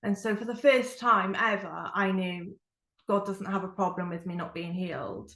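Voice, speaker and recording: A woman's voice: medium pitch, moderate pace, fairly bright tone. Earnest woman speaker in an echoey room. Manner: earnest, reflective, with frequent fillers. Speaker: Christian speaker. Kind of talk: personal testimony talk.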